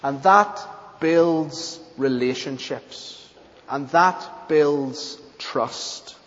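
A man preaching a sermon and leading a closing prayer in a church, with an earnest, measured delivery and deliberate pauses. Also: on the high side, fairly bright tone. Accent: not English. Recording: dull lo-fi church recording with long reverb.

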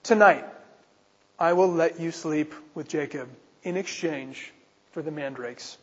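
A preacher putting on a spiteful rival wife. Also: male voice, a little high, measured pace, slightly rough. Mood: scornful. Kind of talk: acted quotes within a sermon. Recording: reverberant hall, muffled sound.

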